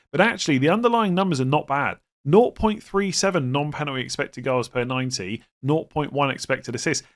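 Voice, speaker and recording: Male host, young, mid-pitched, lively and opinionated, casual monologue with restarts. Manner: animated, opinionated, with frequent restarts. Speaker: fantasy football channel host.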